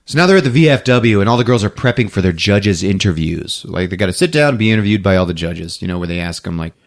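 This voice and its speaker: A man hosting a podcast, recapping a movie in a casual chat, laughing often and switching into high put-on voices for the characters. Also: animated, quick pace. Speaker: podcast host.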